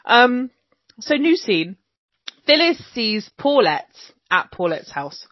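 A woman's voice: a little high, big pitch swings, slow, dry recording. A woman chatting casually on a video call podcast, laughing often and swearing casually while she recaps a TV episode. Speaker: podcast co-host. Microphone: own mic on a video call. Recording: dull lo-fi dry sound.

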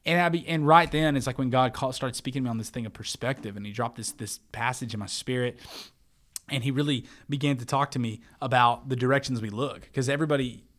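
A man's voice: medium pitch, fast, a bit bright. A man in his thirties who works in church media, telling a story in loose, rambling casual chat and calling his listener man and bro.

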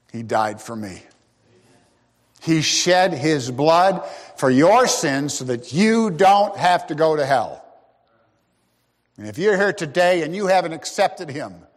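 A male pastor preaching a sermon, emphatic, swinging between loud declarations and hushed asides. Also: a little high, in a large hall.

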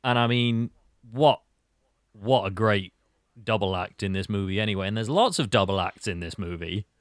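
A man hosting a casual podcast chat about a film, talking in an animated, rambling way. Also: fairly low pitch, normal speed, no echo, studio quality. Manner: animated, rambling, acts out quotes. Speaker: podcast host.

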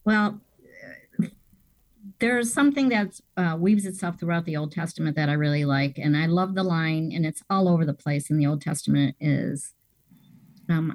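A woman's voice: low voice, normal speed, darkish tone, no room sound. A woman guest in a casual interview, speaking in an earnest, enthusiastic way. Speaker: guest, seminary staff member.

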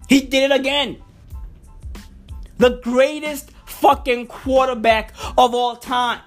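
A man ranting excitedly to camera about football, swearing constantly and stumbling over repeated words. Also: very high-pitched. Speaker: vlogger and football fan. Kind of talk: casual profane rant to camera.

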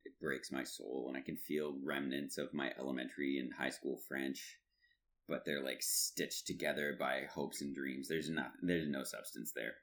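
Deep-voiced young male podcast co-host, casual, laughs a lot while telling stories. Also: normal speed, creaky. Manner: laughs often, animated storytelling. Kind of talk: casual chat.

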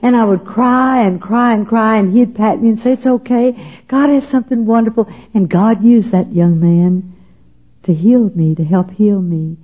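An older Texas woman, unhurried and mid-range in pitch, tells of her faith in a folksy, humorous, emotional, chatty way, acting out what others said to her. The recording has its highs cut off.

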